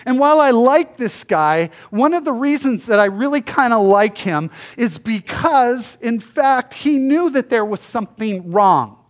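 A male pastor giving a conversational sermon, acting out the people in the story in quick voices. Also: extremely high pitch, lively intonation. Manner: conversational, acts out biblical dialogue in voices.

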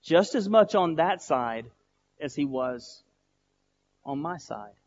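A male pastor preaching a sermon, telling stories and building from quiet, slow lines to loud, emphatic ones. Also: fairly high pitch, expressive, big-room sound, muffled recording. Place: church sanctuary.

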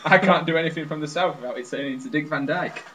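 A man's voice: fairly high pitch, fast talker, a crowd in the background, poor audio. A young man co-hosting a radio chat show, playful and joking. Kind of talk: casual chat. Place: student radio studio.

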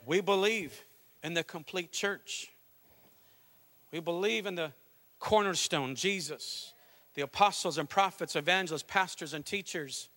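Bright-voiced fervent preacher man. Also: sits high, unhurried. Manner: fervent, conversational storytelling. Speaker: pastor. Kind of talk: Pentecostal sermon.

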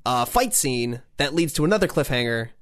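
A man hosting a casual podcast, talking with lively swings up and down in pitch. He restarts sentences often and drops into playful voices. The sound is close and dry, with no room around him. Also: a little fast, no echo. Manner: animated, chatty, lots of restarts and playful voices. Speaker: podcast host. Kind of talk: casual chat.

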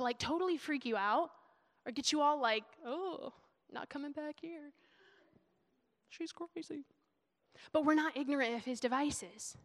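Her voice high and a bit bright, a young woman preaches in an emotional, conversational style, breaking into laughter. Long reverb from a hall trails her words.

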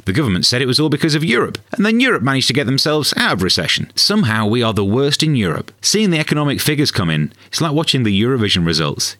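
A man's voice: mid-range voice, no room sound, clean studio sound. A man hosting a comedy podcast, delivering a sarcastic scripted monologue. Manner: deadpan, sarcastic.

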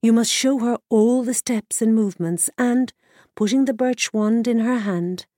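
A woman doing a calm, wise druid bird. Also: a little high, measured pace, no echo, studio quality, voice pushed up, natural voice. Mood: instructive. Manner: calm, instructive and steady.

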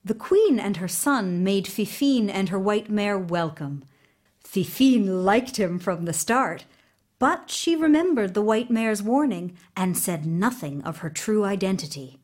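A woman narrating a fairy tale aloud in an expressive, unhurried storytelling voice. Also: medium pitch.

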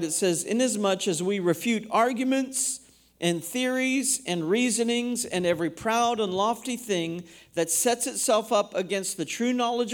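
High-voiced man preaching a sermon. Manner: preaching, reads scripture aloud and asks the congregation questions. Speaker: pastor. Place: church.

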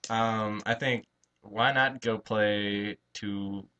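Low, bright-toned jokey sports co-host man. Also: fairly even intonation, extremely slow, clean tone. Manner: jokey, laughs often, mock pleading bits. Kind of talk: casual sports chat. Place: college radio studio.

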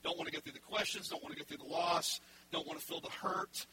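A male pastor preaching an animated sermon, acting out the people in the story. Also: a little high, fast, heavy background noise. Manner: animated, acts out voices in the story.

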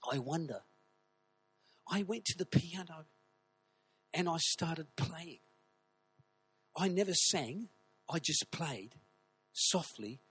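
Husky pastor preaching with fire. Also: male voice, a little high. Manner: animated storytelling, shouting at peaks. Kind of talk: sermon.

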